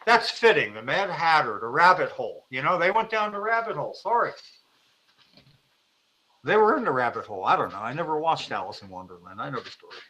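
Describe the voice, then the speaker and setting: Lively male co-host, bright tense voice, rambling and chatty. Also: a little high, brisk, low-quality recording. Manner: animated, rambling, laughing often. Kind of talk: casual podcast chat.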